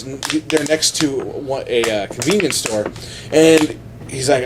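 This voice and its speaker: A man's voice: a little high, lively intonation, normal speed, slight background noise. Laughing, rambling podcast co-host man. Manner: rambling, laughs often, summarizes plots with quoted asides. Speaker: podcast co-host reviewing comics. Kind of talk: casual chat.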